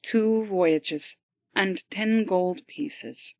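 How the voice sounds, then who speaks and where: A woman voicing a calm male Swedish sea captain in an audiobook, speaking in a smooth, rolling Swedish accent. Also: mid-range voice, extremely slow, no room sound. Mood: calm, measured.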